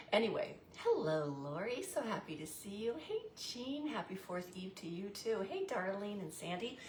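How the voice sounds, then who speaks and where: A woman's voice: medium pitch, big pitch swings, normal speed, few pauses. A middle-aged woman, chatting casually as host of a craft livestream and greeting viewers by name. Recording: echoey room with faint noise.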